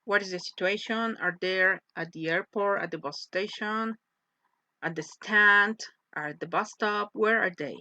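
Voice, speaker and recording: A woman teaching an English lesson, slow and patient, often checking in with "yes?" as she explains. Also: medium pitch, sharp tone, no echo. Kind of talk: slow classroom lesson with read-aloud phrases. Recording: dull lo-fi voice recording.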